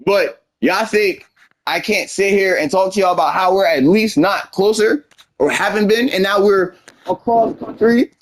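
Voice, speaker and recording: A man's voice: high voice, moderate pace. A young man rambling through a frustrated personal story and acting out both sides of arguments. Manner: rambling, frustrated storytelling with quoted back-and-forth. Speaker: streamer. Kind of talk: casual venting monologue.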